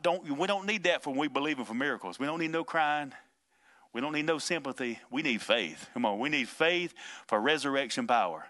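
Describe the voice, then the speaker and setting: A man's voice: mid-range voice, bright, forceful tone. A man preaching a casual podcast sermon as pastor, folksy and emphatic, with plain vernacular and chuckles between points.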